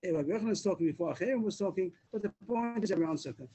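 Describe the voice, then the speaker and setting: A man's voice: high-pitched, expressive, rapid-fire, warm tone, husky, low-quality recording. A man teaching a Talmud class over a video call, explaining step by step with repeated words and restarts. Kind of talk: Daf Yomi class.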